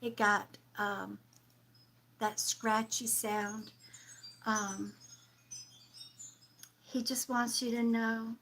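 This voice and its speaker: A woman leads a live-stream spiritual reading in an unhurried, drawn-out way. Her voice sits a little high and stays gentle and affectionate, calling listeners sweetheart and slipping into whispers. A faint hiss runs under her speech. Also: little pitch movement, poor audio. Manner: soft, affectionate, calls viewers sweetheart, drops into whispers. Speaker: psychic medium and livestream host.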